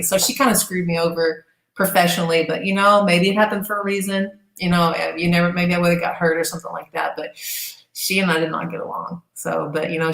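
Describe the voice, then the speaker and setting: A middle-aged woman, an interview guest, telling casual stories in a lively, profane way and acting out what people said. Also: mid-range voice. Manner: animated, profane storyteller who acts out quoted voices. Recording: echoey room.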